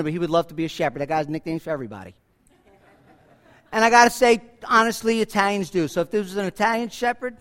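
Male pastor, high voice, dynamic sermon delivery with loud peaks and soft asides. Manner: dynamic preaching, swinging between loud emphatic peaks and quiet asides. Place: church.

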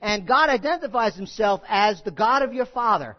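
A man preaching with a notably high voice, dropping to near-whispers and then swelling loud. He is emphatic and repeats himself, talking to the congregation like a conversation. The recording is dull and lo-fi. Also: sing-song, moderate pace. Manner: emphatic, repetitive, swings from hushed to loud; conversational, asks the congregation questions. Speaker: pastor. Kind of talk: sermon.

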